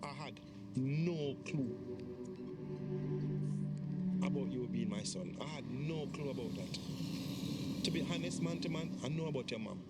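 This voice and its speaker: An actor playing a flustered pastor who pleads and tries to calm an angry young man. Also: medium pitch, unhurried, pauses often, loud music behind the voice, close to an everyday voice. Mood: earnest. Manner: pleading, placating, hushing.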